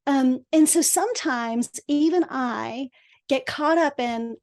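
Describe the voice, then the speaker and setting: A middle-aged woman with a fairly high voice, chatting as a guest on an interview show. She speaks emphatically, her pitch and volume leaping up to stress a point and then settling back down. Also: takes it slowly. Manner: emphatic, with lively swings in pitch and loudness. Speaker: guest, real estate investor and podcast host. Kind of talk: casual interview chat.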